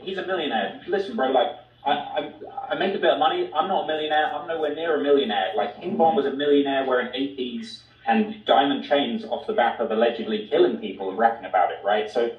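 A man defending his videos in a debate, explaining his view in a measured, careful way. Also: mid-range voice. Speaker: YouTube documentary creator in a debate clip. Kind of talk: debate argument. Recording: distant roomy muffled clip audio.

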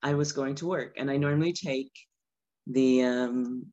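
A woman's voice: a bass voice, measured pace, mellow, dull audio. A woman sharing a testimony on a video call, hesitant and full of fillers. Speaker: church member sharing a testimony.

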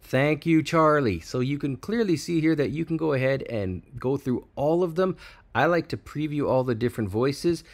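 A man hosting a tech channel, chatting excitedly through a screen-recorded software walkthrough and hyping each feature. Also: fairly high pitch, moderate pace.

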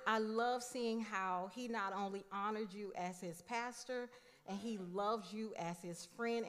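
A young woman giving a eulogy for her father in a church, telling a funny family story with warmth and humour. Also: mid-range voice. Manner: warm, humorous storytelling. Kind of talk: funeral tribute storytelling. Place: large church sanctuary. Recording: reverberant church hall.

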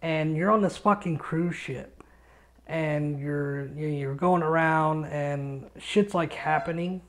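An excitable man tells stories on a casual podcast, with plenty of swearing. He records from his home studio. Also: on the high side, takes it slowly. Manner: excitable storyteller, swears a lot. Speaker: podcast co-host.

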